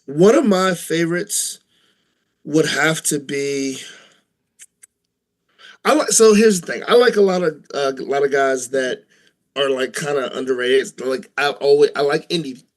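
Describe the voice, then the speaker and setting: A man's voice: on the high side, a little slow, long pauses. A man co-hosting a casual wrestling podcast, chatty and rambling, laughing easily. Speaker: podcast co-host.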